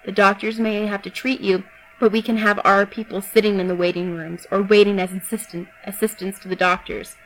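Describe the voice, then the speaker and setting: A woman voicing a cold young woman who commands insects, delivering threats in a calm, level voice. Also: medium pitch, a little fast, slight background noise, natural voice, low-quality recording. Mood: menacing.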